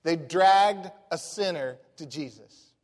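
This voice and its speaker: A folksy pastor preaching a sermon, his voice pitched high for a man. He tells stories in an animated, down-home way. A long reverb from a large hall hangs behind every word. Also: takes it slowly. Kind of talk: storytelling sermon.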